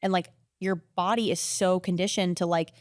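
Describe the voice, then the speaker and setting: A woman in her thirties, a podcast guest, telling stories in a rapid, animated, casual way full of "like"s. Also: on the low side, no echo, clean studio sound. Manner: rapid, animated, filler-heavy with many "like"s. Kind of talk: casual conversational storytelling.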